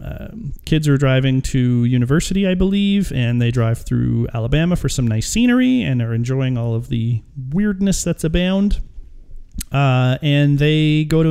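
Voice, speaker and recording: Rambling podcast guy with a mellow voice. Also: medium pitch, creaky, clean tone. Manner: rambling, filler-heavy. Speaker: podcast co-host. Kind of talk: casual chat.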